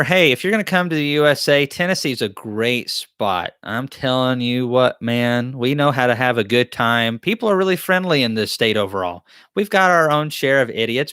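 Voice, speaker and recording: A man's voice: medium pitch, fairly bright tone, dry recording, clean studio sound. A man hosts a live-stream Q&A, reading chat questions aloud and answering them in a joking, rambling, self-deprecating way. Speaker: beekeeping channel host.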